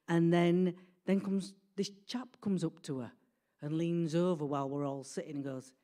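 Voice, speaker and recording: A woman, telling a comic family story in a lively, animated way. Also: sits low, moderate pace. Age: 60s. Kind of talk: personal storytelling.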